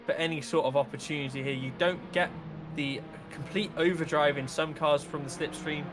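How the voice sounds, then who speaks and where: High-voiced male co-commentator over music. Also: fairly even intonation, brisk. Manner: analytical, talks through gaps and tactics. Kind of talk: sim racing commentary.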